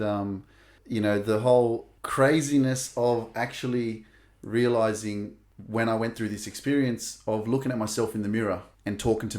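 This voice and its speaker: A male podcast host with a low voice chats casually with his guest. He asks questions and tells his own stories with enthusiasm, getting animated as he goes.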